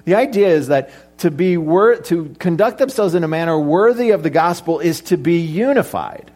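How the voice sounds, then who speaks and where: A man's voice: fairly high pitch, animated, moderate pace, a little mellow. Man preaching a conversational sermon. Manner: conversational, joking asides, rhetorical questions. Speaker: pastor.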